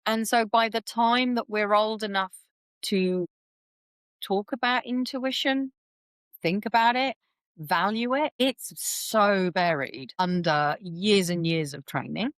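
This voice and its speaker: A woman's voice: mid-range voice, takes it slowly, fairly bright tone, clear, resonant tone, dry recording. A woman, a guest explaining things chattily in a podcast interview and acting out quoted voices as she goes. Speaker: intuitive reader, podcast guest.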